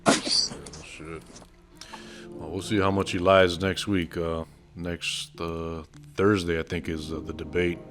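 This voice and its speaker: A man's voice: low-pitched, little pitch movement, a little slow. A man from the US West Coast co-hosting a podcast, laid-back with brief agreeing replies. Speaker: podcast co-host. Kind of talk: casual chat.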